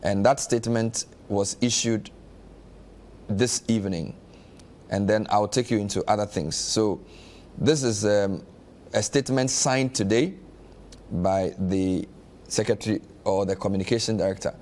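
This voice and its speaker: A male news host, reading an official statement aloud and then giving his own analysis in a measured way. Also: lowish voice, fairly even intonation, darkish tone. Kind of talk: reading a statement on air with commentary.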